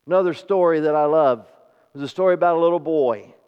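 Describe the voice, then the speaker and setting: Higher-voiced preacher in an echoing church. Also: male voice, clear, resonant tone. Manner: rising to emphatic, then drops to soft and slow; conversational, asks the congregation questions. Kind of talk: sermon. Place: church hall. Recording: dull sound with long hall reverb.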